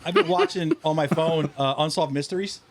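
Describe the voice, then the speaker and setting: A man's voice: fairly high pitch, fairly quick, a little hiss or hum. Laughing, swearing man podcast co-host. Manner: animated storyteller, swears freely, laughs often. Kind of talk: casual chat.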